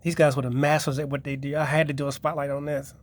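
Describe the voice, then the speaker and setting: A man's voice: fairly high pitch, flat delivery, fast talker. A man casually reviewing his DVD collection, rambling and swearing as he retells episodes.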